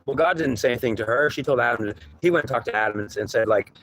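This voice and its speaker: A man's voice: mid-range voice, quick pace, fairly bright tone, a little hiss or hum, poor audio. A man giving a rambling spiritual talk, often restarting and repeating himself while acting out dialogue. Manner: rambling, repetitive, acts out dialogue. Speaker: spiritual teacher.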